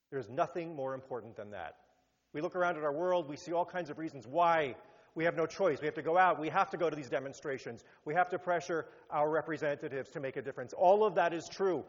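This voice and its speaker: Man, rabbi preaching a sermon, fairly high voice, long hall echo, dull muffled sound. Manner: animated, rising to emphatic peaks then dropping low.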